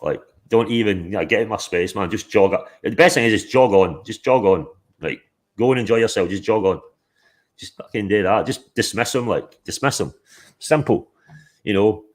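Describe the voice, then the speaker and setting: Guy hosting a stream, low voice, rambles and swears a lot. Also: moderate pace. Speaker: livestream host. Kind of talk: casual chat.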